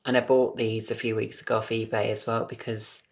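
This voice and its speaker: A British man talking to his phone camera at home in a casual vlog, camp, chatty and animated, swearing freely. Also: fairly low pitch, fairly quick, vocal fry, a little hiss or hum. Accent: British English. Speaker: vlogger.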